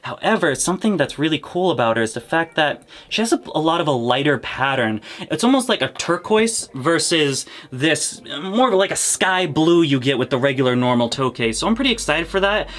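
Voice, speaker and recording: A young man hosting a casual reptile vlog, excitable, laughing often and cursing casually. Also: fairly high pitch, fairly quick, few pauses. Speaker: reptile breeder and channel host.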